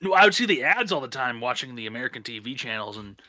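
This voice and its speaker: A man from Canada with a very bright, sharp edge to his voice, talking in a loose, easygoing way. He hosts a stream and tells offhand, profane stories, laughing often as he goes. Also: mid-range voice, very animated, fast talker, dry recording. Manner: laid-back, profane storytelling with frequent laughs. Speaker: streamer host. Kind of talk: casual chat.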